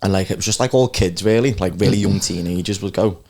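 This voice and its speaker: A young man on a podcast with a lowish voice, relaxed and easygoing. He mostly answers in short, agreeing replies, then goes on at length when he has something to tell. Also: fast talker. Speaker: podcast co-host. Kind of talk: casual chat.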